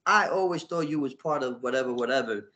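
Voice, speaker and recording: A middle-aged man, a wrestler, telling stories in a casual interview, animated and full of swearing. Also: medium pitch, brisk, a little hiss or hum. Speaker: wrestler guest. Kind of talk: casual storytelling.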